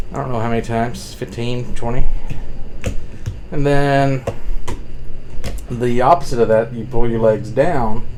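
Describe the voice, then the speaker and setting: A man's voice: medium pitch, a little mellow, slight background noise, low-quality recording. Rambling man chatting about his workouts. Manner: meandering, filler-heavy, self-amused laughing. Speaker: vlogger. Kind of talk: casual rambling fitness update.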